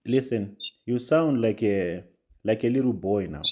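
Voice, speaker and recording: A man hosting a live call, answering calmly and dismissively, sometimes mocking the caller. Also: lowish voice, unhurried, noisy background. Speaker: host.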